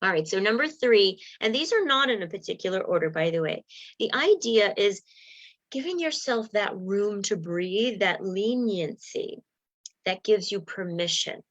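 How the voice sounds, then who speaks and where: A woman's voice: medium pitch, animated, a little slow, muffled recording. A woman mindset coach giving a motivational talk to viewers, encouraging and acting out inner voices.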